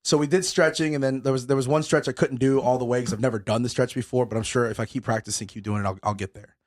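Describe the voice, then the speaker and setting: A fast-talking young guy with a mid-range voice, he's a podcast host recounting a story in relaxed conversation. He's animated, curses a lot, and hasn't quite got his breath back.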